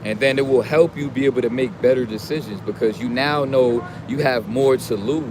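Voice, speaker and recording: A man giving a casual, profane motivational rant in street slang, preaching and sometimes shouting. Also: medium pitch, a little fast, background noise. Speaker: streamer giving motivational talk.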